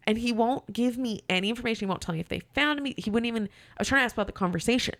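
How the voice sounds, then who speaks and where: A woman guest on a podcast, telling a story in a casual, animated way and acting out both sides of a phone call. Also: on the high side, racing, hardly any pauses, dry recording.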